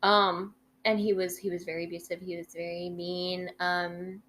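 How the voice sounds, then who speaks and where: A woman's voice: fairly low pitch, flat delivery, normal speed, fairly bright tone, slight background noise. A young woman co-hosting a podcast, telling a story in casual chat, rambling with many fillers and freely swearing. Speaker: podcast co-host.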